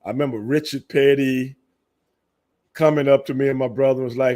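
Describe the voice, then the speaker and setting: Animated Texan man telling stories. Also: moderate pace. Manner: animated storyteller, laughs often, jumps into high excited bursts. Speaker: podcast host. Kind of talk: casual chat.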